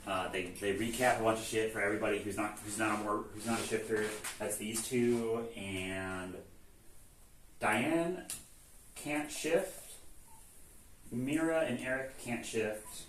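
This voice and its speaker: A man with a fairly low, fairly even voice speaks at a measured pace, his tone fairly bright with a little hiss or hum underneath. He's a host casually recapping a video game series, rambling with plenty of "like" and swearing while acting out the lines. The room is echoey, the mic is far off, and there's faint ambience.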